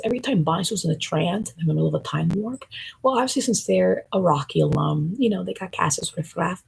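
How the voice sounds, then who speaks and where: A woman rambling through a conspiratorial stream commentary, her talk swinging between hushed asides and loud outbursts. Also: on the low side, animated, brisk, rough recording. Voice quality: gravelly, raspy.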